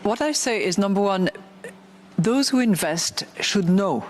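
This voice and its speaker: A woman central banker with a French accent, speaking in a measured, hesitant way in an interview clip. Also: mid-range voice, expressive.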